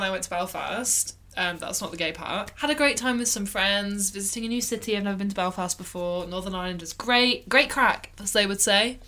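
A woman's voice: mid-range voice, pushed and bright, a little hiss or hum. A woman co-hosting a podcast in casual chat, chatty and laughing often, with plenty of ums. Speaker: podcast co-host.

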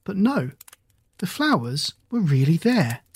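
Dry, measured audiobook narrator. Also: mid-range voice, husky, dry recording. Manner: measured and even storytelling.

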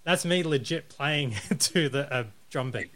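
A man co-hosting a casual podcast chat, jokey and quick to laugh. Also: on the high side, music in the background. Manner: jokey, chatty, laughs often. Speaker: podcast co-host.

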